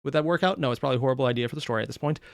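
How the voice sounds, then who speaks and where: A man hosting a reaction channel, rambling casually and thinking out loud as he comments. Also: medium pitch, very fast, vocal fry, dry recording, clean studio sound. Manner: rambling, thinks aloud with restarts.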